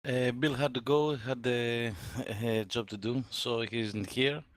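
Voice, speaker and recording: A man's voice: medium pitch, fairly even intonation, measured pace, dry recording, studio quality. A man, a race driver frankly owning his mistake in an interview. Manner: frank, self-critical, some fillers.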